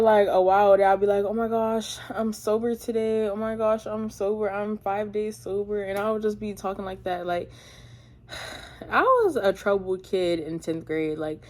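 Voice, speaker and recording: A woman's voice: mid-range voice, darkish tone. A young woman in her teens telling a personal storytime testimony in casual slang, rambling with many fillers and talking to her viewers. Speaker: vlogger.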